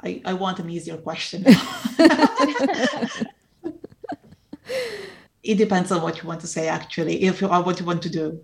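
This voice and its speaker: A woman's voice: on the low side, level tone, quick pace, gravelly, few pauses. A woman with an Italian accent, a non-native English speaker, answering interview questions in an earnest, encouraging way. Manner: earnest, encouraging, laughs often. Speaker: Italian teacher guest.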